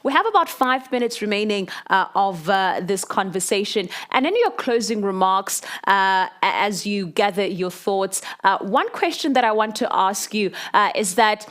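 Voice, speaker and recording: A woman's voice: medium pitch, lively intonation, fairly bright tone. Hesitant woman moderating a virtual panel. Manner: hesitant, many drawn-out fillers.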